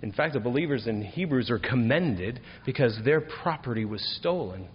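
A man preaching a sermon, building from steady explanation to emphatic, higher-pitched appeals on key points. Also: moderate pace, long reverb tail, lo-fi sound, slight background noise. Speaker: pastor.

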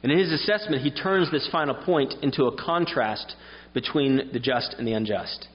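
A man's voice: medium pitch, normal speed. Male preacher, earnest and explanatory sermon delivery, recorded dull and reverberant in a hall.

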